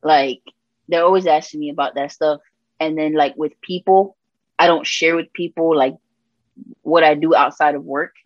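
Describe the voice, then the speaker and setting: Low-voiced woman, animated storyteller. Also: normal speed, no echo, dull audio. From Puerto Rico. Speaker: gospel rapper and interview guest. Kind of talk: candid conversational testimony.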